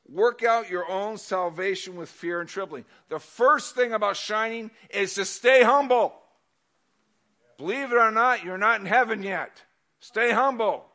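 A man preaching a casual sermon, moving between loud emphasis and quiet asides, often repeating words as he goes. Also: sits high.

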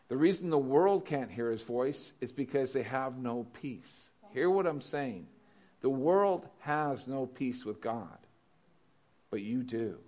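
A man's voice: mid-range voice, darkish tone. A pastor preaching a sermon in a conversational way, asking his congregation questions.

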